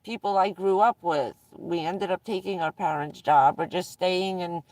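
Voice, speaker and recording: A woman's voice: on the low side, moderate pace, a little mellow, no room sound, recorded from a distance. A woman vlogger casually telling rambling personal stories to her viewers, often breaking into laughter mid-sentence.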